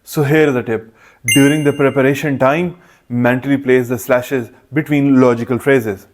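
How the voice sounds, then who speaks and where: A man's voice: mid-range voice, darkish tone. A man teaching exam preparation in a methodical, scripted way, listing points one by one. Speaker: test prep instructor. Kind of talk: scripted instructional explanation.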